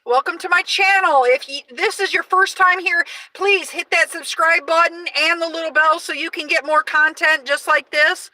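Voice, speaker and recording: A woman in her forties hosting a casual live stream, loud and energetic, chatting with many fillers and restarts. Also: very high-pitched, normal speed, few pauses, distant mic, poor audio. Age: 40s.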